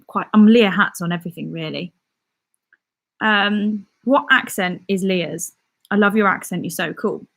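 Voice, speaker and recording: A young woman from the West Midlands of England, a YouTuber and comedian, chats casually while answering viewer comments on a live stream, laughing often. Her accent mixes West Midlands and southern English, and her mid-range voice is creaky and fairly bright, with a measured pace.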